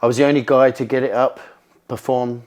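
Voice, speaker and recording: Casting note: man, mid-pitched, chatty guest in an interview, lively and casual, swears freely. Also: a little fast. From England. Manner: animated, repeats words, acts out quoted speech, swears casually. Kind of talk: casual storytelling.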